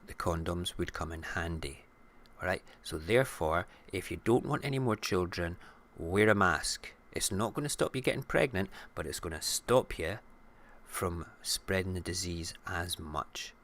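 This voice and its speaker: A man's voice: deep voice, normal speed, fairly bright tone. A middle-aged Scottish man hosting a casual morning show, irreverent and jokey, ranting with swearing. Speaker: radio show host.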